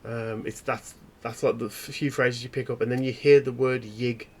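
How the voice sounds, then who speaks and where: Male game master, tabletop horror, laid-back, rambling narration, even middle voice. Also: mid-range voice, moderate pace, husky.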